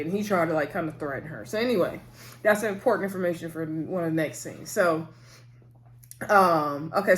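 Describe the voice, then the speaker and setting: Rambling, chatty woman recapping a TV episode. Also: medium pitch. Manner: rambling, loose, full of fillers like "so anyway" and "um"; chatty and familiar, addressing viewers directly. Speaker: TV episode reviewer.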